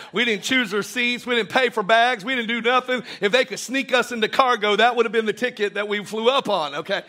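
A man's voice: very high voice, pushed and bright. A middle-aged man preaching a sermon as pastor, telling a story with emphatic bursts.

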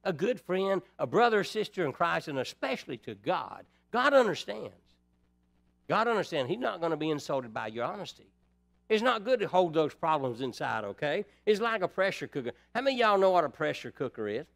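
A man's voice: a little high, very animated, a little fast, gravelly. A man preaching a sermon in a folksy way, putting rhetorical questions to the congregation.

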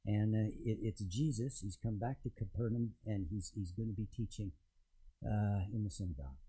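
Guy preaching in church, low husky voice, chatty storytelling sermon. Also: mellow, poor audio. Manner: storytelling, conversational with emphatic pauses. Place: church in front of a congregation.

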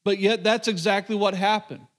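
A male pastor in the middle of a sermon, telling a story with an animated, conversational delivery. His voice sits fairly high for a man, and he speaks directly to the people listening. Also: moderate pace.

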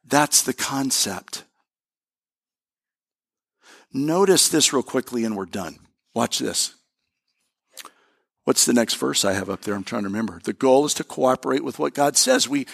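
A middle-aged man, a pastor, preaching a sermon in an animated way, repeating his phrases and talking straight to the congregation. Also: mid-range voice, measured pace, creaky, long pauses.

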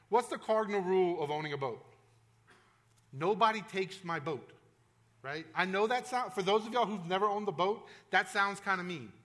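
A man's voice: sits high, bright, forceful tone. A male pastor preaching a sermon in a conversational, emphatic way, with frequent restarts and asides to the congregation.

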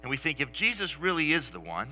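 A male pastor preaching a sermon, telling the story with animation and dropping to soft, near-whispered lines for emphasis. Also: on the high side, sing-song, fast talker, rough recording.

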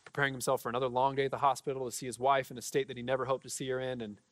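A man's voice: mid-range voice, flat delivery, rapid-fire, a bit bright, big-room sound. A young man preaching to his church, casual and fervent, full of fillers and restarts. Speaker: pastor. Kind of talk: sermon with prayer and testimonies. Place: church sanctuary.

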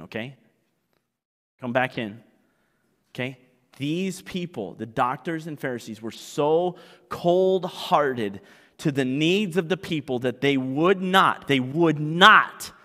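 A man from Canada preaching a sermon as pastor, swinging from quiet asides to loud, acted-out exclamations. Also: medium pitch. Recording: long reverb of a large hall.

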